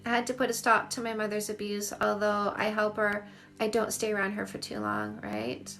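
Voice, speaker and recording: Gravelly-voiced woman in her forties. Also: mid-range voice, normal speed, a bit bright, soft background music. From Canada. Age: 40s. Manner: candid, emphatic, repeats phrases. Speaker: dating coach. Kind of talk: livestream chat answering viewer comments.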